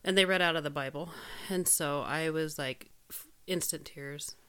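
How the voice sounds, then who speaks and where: A woman with a low voice tells a personal story in casual conversation. She talks in an earnest, frank way and swears casually as she goes. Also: normal speed, bright, forceful tone, clear, resonant tone.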